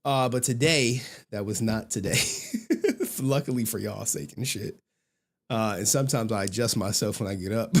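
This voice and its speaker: A young adult man hosts a livestream in casual chat, his gravelly voice on the low side and at normal speed. He laughs often, swears freely, and tells stories with animation.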